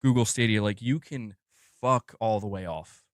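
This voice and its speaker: A man ranting on a podcast, heated and profane, worked up and fast to vent. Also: on the low side, dry recording, clean studio sound.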